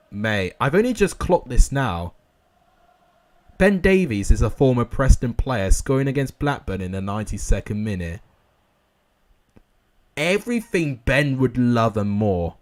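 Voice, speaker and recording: A young man commentating football games live for viewers, excitable and out of breath. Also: medium pitch, a little slow, long pauses. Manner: shouts and laughs at goals, chats with viewers.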